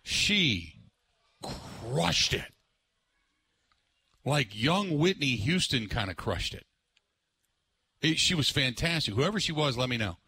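A man hosting live sports talk radio from a remote broadcast, rambling with lots of fillers and bursts of excitement. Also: medium pitch, slow pace, long pauses, slightly rough.

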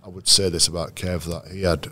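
Very deep-voiced male coach telling stories. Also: little pitch movement, sharp tone. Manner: anecdotal, measured, with frequent restarts. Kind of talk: interview storytelling.

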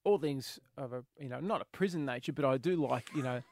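A man's voice: medium pitch, fairly quick, darkish tone, no room sound. A man, co-hosting a comedy radio show in joking banter. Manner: joking, slips into mock voices. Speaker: radio co-host.

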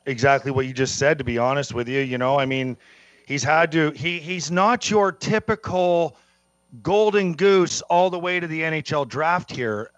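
A man's voice: a little high, fairly bright tone, no room sound, muffled recording. A man hosting a casual sports talk radio show, talkative and prone to repeating himself.

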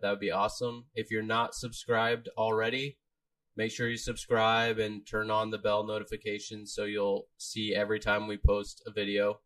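A man co-hosts a live stream and runs through channel announcements in a friendly, steady way. His voice sits somewhat low, and the delivery is casual and conversational. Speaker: co-host reading channel announcements.

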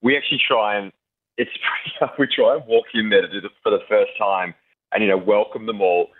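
A man, a TV presenter, telling animated stories as a guest on a radio show. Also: on the low side, a little fast, breathy edge, phone-quality sound. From Australia. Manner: animated anecdotes, acts out quotes. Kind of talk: casual radio interview storytelling.

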